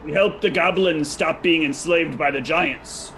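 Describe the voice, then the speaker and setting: A man playing a tabletop game, arguing in character with quick banter. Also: on the high side, a bit bright, slight background noise. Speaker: player.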